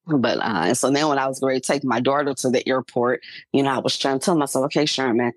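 A woman's voice: very deep voice, fast talker, dry recording. A middle-aged woman co-hosting a podcast, telling a personal story in casual chat with fillers and laughs. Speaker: podcast co-host.

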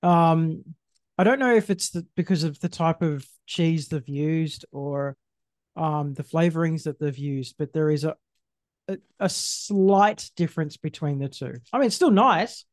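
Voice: medium pitch, unhurried, no room sound. Thoughtful taster weighing a flavor. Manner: thoughtful, hesitant, restarts often. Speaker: snack taster. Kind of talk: casual chat.

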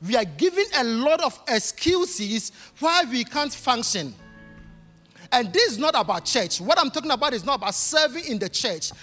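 A male preacher delivers a sermon in a reverberant church hall, his voice pitched high and swinging widely. He drives his points home by repeating them, with soft music running faintly underneath. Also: big pitch swings, normal speed. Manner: emphatic, repetitive preaching with rising bursts.

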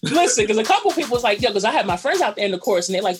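A woman's voice: a little high, very animated, racing, faint music behind. A woman from New York, telling a story in a casual interview. She acts out the voices she quotes and swears freely. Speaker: guest, runner and writer.

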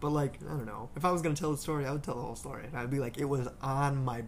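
A man co-hosting a podcast, reading stories aloud and chatting in a loose, jokey, animated way with a lot of laughing. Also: mid-range voice, rapid-fire, slight background noise. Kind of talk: casual chat and story reading.

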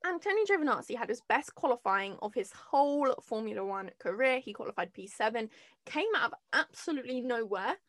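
Brief: woman, podcast host, high voice, dry close sound, lively and jokey. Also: a little fast, no echo. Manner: animated, jokey, swings between loud and hushed. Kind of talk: casual chat.

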